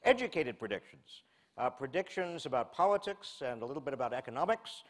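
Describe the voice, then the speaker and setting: A man in his sixties from the United States giving a humorous public lecture, telling a wry self-mocking story with deadpan asides. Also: medium pitch, a little fast. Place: lecture hall before a live audience.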